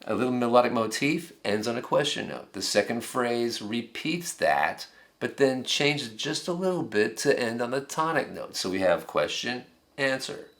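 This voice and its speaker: A middle-aged songwriting instructor delivers a conversational lecture, turning to the piano to show examples. He has a mid-range, gravelly voice that is expressive and a bit bright, speaking at normal speed.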